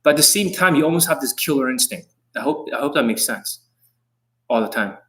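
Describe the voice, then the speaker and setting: A man's voice: medium pitch, animated, fairly quick, fairly bright tone. Middle-aged guy ranting on a live stream, kinda angry-sounding, swears a lot, rambles. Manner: intense, profane, rambling. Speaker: dating coach.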